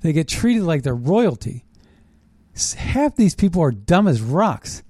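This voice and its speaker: A man hosting a show, delivering a fast, indignant and sarcastic political monologue. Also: fairly high pitch, slightly rough, dry recording, studio quality. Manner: animated, indignant, sarcastic ranting. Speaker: political commentary host.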